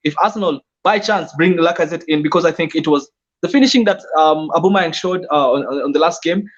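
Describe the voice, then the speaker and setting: Excitable stammering football pundit man. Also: a little high, brisk, muffled recording. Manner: excitable, stammers and repeats words. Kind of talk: casual panel chat.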